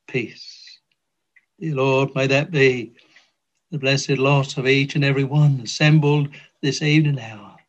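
A man leads a congregation in prayer in a mid-pitched voice, pleading in old-fashioned scriptural language. His delivery is very slow and fervent. The recording is dull and lo-fi, like an old tape. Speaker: minister leading prayer.

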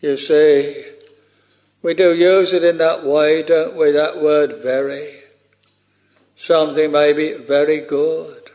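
A man preaching a sermon in a measured, unhurried way, quoting scripture with old-fashioned phrasing. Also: on the high side, fairly even intonation, darkish tone.

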